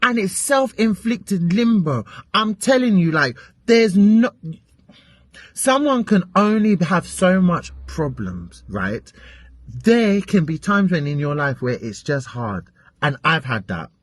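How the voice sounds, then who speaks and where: A British woman vents in a chatty vlog, exasperated and swearing freely. Her pitch leaps and dips all the time. The sound is dry and close. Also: takes it slowly, no room sound. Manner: animated, exasperated ranting with frequent swearing. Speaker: vlogger.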